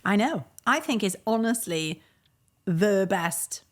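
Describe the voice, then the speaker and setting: A woman co-hosting a podcast, with a lively voice that rises and falls a lot. She chats casually and expressively. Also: mid-range voice, slow. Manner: expressive, animated chat. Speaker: podcast co-host. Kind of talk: casual chat.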